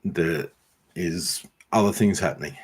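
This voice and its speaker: A man's voice: low-pitched, husky. A man with an Australian accent chatting casually to his viewers, answering comments with lots of ums and some friendly teasing. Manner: unhurried, frequent ums, teasing viewers by name. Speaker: YouTube homesteader and blacksmith answering viewer comments. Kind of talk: casual livestream chat.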